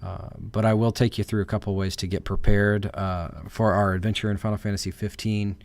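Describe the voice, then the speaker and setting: A man with a Southern US accent giving casual commentary over a game in a relaxed, thinking-aloud way. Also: lowish voice, brisk, no echo. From American South. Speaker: let's play host.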